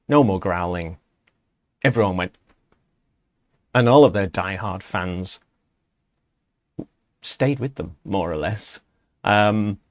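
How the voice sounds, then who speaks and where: A middle-aged man hosts a music vlog, giving a casual spoken opinion piece as he rambles and corrects himself along the way. His voice is low-pitched, and there's no echo.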